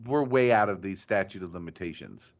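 Low voiced guy cohosting a podcast, chill and joking around. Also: lively intonation, a little fast, dull audio. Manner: laid-back, jokey, laughs often. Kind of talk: casual chat.

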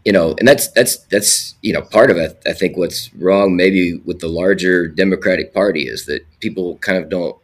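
A man's voice: deep voice, moderate pace, few pauses. A man who is a film producer, talking in casual conversation with many restarts and fillers while sick with a cold.

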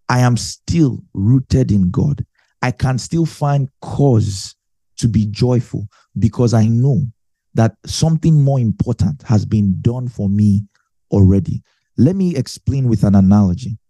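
Male Bible teacher, mellow tone, dry sound, talks it through with everyday examples. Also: mid-range voice, no echo. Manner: explains with everyday examples, repeats phrases for emphasis.

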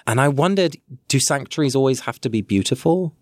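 A man's voice: medium pitch, expressive, a little fast, no room sound, clean studio sound. A man co-hosting a podcast, musing thoughtfully in a casual reflective discussion. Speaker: podcast co-host.

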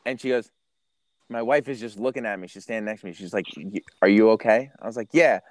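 A man in his thirties hosting a podcast, telling stories in a casual, animated way, swearing and acting out what people said. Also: fairly low pitch, fast, no room sound. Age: 30s. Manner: animated storyteller, swears, acts out quotes. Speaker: podcast host. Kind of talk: casual chat.

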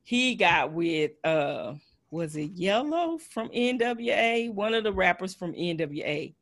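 Host: Texan woman, light twang, easygoing chat, quick to laugh. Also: fairly low pitch. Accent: Texas Southern twang. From Texas. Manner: laughs often, animated. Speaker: podcast host. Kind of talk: casual chat.

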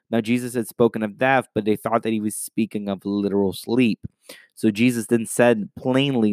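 Smooth-voiced man preaching casually. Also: on the low side, flat delivery, normal speed, a little mellow, no room sound. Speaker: podcast host. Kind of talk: preaching podcast.

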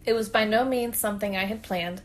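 Female podcast host, mid pitch, reads listener stories aloud in a frank, chatty way. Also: a little fast, slight background noise. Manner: candid, conversational reading with bursts of laughter. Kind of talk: reading a submitted story aloud.

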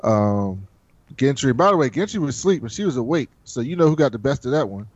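A man's voice: mid-range voice, brisk, no room sound. A man talking casually with a friend, telling a long story and jumping into voices for each person in it. The sound is dry and close, with a slightly dull, lo-fi quality. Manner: animated storyteller acting out characters' lines. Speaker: podcast co-host recapping a TV episode. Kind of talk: casual chat.

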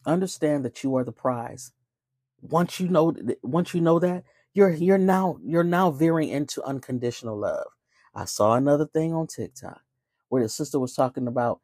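A woman's voice: deep voice, mellow, slightly rough, dry recording, studio quality. A woman hosting a casual spiritual talk, emphatic and preachy, often firing off rhetorical questions.

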